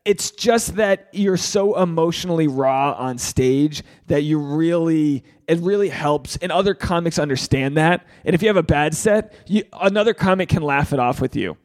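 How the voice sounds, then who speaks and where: A man's voice: a little high, moderate pace, hardly any pauses, a little mellow. A man hosting a podcast, talking candidly and animatedly, swearing freely and acting out quotes. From Rhode Island. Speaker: podcast host, standup comedian.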